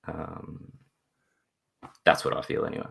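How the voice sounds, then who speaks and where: Gravelly deep-voiced man. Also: level tone, measured pace, a bit bright. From Australia. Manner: laughs often, acts out voices in his stories. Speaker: interview guest, father. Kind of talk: casual storytelling in a live video interview. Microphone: video call.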